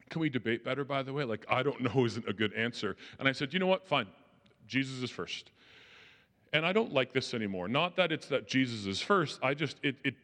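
A man speaking to a crowd from a stage, his voice carrying a long echo through a large hall. He tells his story with animated, self-deprecating humor and jumps into the voices of the people he quotes. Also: medium pitch. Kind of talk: storytelling talk to an audience.

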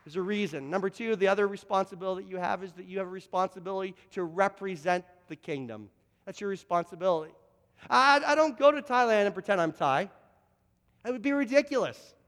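A man's voice: high voice, fast, a bit bright, big-room sound. A Canadian man preaching a sermon as pastor, earnest, often repeating words as he presses a point.

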